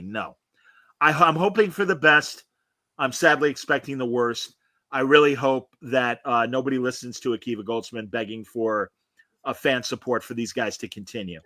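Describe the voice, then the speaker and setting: A man talking through a casual fan chat in an animated, opinionated way, stumbling into restarts as he goes. His voice has a bright, forceful edge, and the recording is dry and close. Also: medium pitch, normal speed, dry recording. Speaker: podcast co-host.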